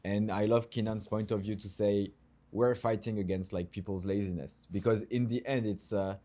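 A man with a French accent co-hosting a casual chat, relaxed and thoughtful. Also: fairly low pitch, moderate pace. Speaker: podcast co-host.

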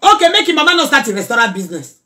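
A woman with a Nigerian accent delivers a heated, preachy reaction rant in Pidgin. Her voice sits high and bright. She mixes in another local language and breaks into song now and then. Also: sing-song, very fast.

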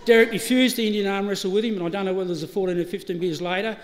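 A middle-aged Australian man speaks very fast in a high, steady voice as he eulogizes someone at a funeral service hall. Laughing, he tells funny stories and acts out the exchanges, while the hall's reverb and faint ambient noise linger behind him.

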